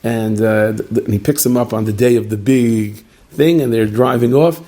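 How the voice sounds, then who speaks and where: A man speaking as a rabbi gives a Purim talk before a live audience, telling stories animatedly and bantering with his listeners. His voice is mid-range at a moderate pace.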